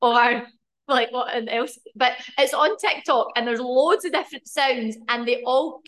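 Giggly Scottish woman with a high voice. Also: a little slow, fairly bright tone. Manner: giggly, bubbly storytelling. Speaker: podcast co-host. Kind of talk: casual chat.

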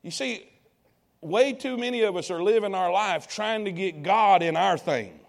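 High-voiced preacher man. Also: normal speed, creaky. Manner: call-and-response preaching to congregation. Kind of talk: sermon.

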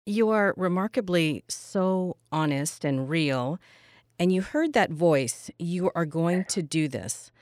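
A fairly low-pitched woman hosts an interview and poses direct, probing questions. Her voice sits close and dry, with no room sound around it. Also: animated, slow pace, darkish tone, dry recording. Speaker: host.

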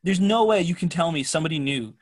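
A man co-hosting a podcast in casual chat, emphatic and quick to laugh. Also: a little high, expressive. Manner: emphatic, laughs often, incredulous. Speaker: podcast co-host.

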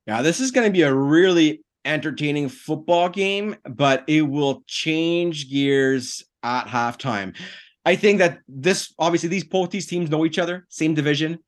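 A man co-hosting a sports podcast, making bold, animated predictions in casual talk. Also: fairly high pitch. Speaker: podcast co-host.

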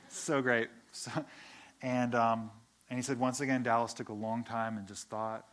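Pastor, male, mid pitch, earnest conversational sermon delivery, frequent stammered restarts. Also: little pitch movement, normal speed, a bit bright, a little hiss or hum.

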